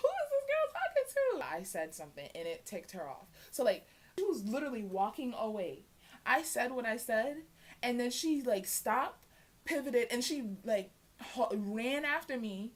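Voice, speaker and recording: A young woman vlogger telling a storytime tale in a casual, animated way, acting out the voices of the people in it. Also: fairly high pitch. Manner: animated, acts out quoted voices. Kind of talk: storytime vlog.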